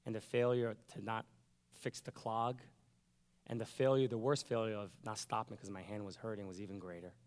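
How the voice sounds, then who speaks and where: A man's voice: lowish voice, little pitch movement, fairly quick, darkish tone, in a large hall. A pastor telling a personal story in a sermon, acting out his own thoughts and the lines of others as he goes.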